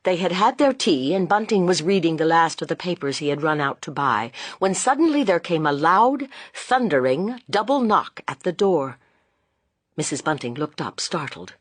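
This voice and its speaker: An audiobook narrator giving a dramatic, expressive reading of a classic suspense novel. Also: medium pitch, moderate pace, no echo.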